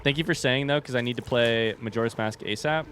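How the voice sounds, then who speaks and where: Streaming a game live, a man rambles and chats casually, speaking straight to the people in his chat. His voice is medium-pitched and fairly bright, his pace fairly quick, with a little hiss or hum on the recording.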